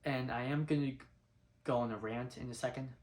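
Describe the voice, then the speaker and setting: A man's voice: mid-range voice, steady tone, brisk, a little mellow. A young man talking casually in a fan vlog, rambling and earnest, often restarting his sentences. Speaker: vlogger.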